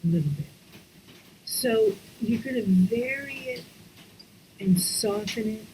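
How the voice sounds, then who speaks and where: A woman leading a guided breathwork lesson over a video call, speaking softly and often dropping into whispers. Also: mid-range voice, very animated, slight background noise, low-quality recording. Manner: slow, soft-spoken, often drops into whispers. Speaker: somatics teacher.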